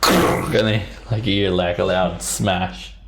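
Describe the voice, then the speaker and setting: A man narrating as game master of a tabletop game, describing the scene in an unhurried way with fillers. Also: low voice, fairly even intonation, gravelly, a bit bright, a little hiss or hum, low-quality recording.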